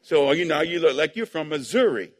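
A man preaching as pastor, drawing amens and answers from the congregation in call-and-response, breaking into sudden shouts. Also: a little high, fairly even intonation, brisk. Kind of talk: sermon. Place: church sanctuary. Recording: long hall reverb.

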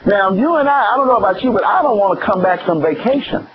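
A man's voice: lively intonation, quick pace. Preacher man, lo-fi church recording. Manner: questioning the congregation, swinging from high exclamations to low emphatic words. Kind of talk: sermon. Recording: dull lo-fi recording with faint noise.

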